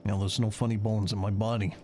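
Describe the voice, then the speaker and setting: A man's voice: lowish voice, flat delivery, fast talker, warm tone, a little hiss or hum. A man streaming a game in casual chat, sarcastic and swearing as he answers chat.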